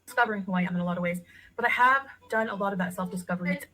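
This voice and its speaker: A woman of middle pitch talks in a halting, reflective vlog manner, circling her words with fillers and restarts. Her delivery is soft and searching. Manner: hesitant, halting, filler-heavy. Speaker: vlogger in a played clip.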